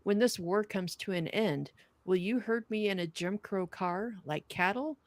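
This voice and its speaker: A woman co-hosting a podcast, reading a wartime poem aloud with earnest, measured delivery and chatting casually with her co-host. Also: mid-range voice, no room sound.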